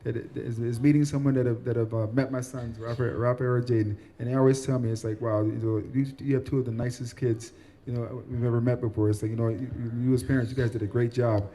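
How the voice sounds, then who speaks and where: Man, quick talker, warm mellow voice, earnest, repeats words. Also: medium pitch, level tone. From Central New York. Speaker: guest, former football player. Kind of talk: casual interview talk. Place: cafe.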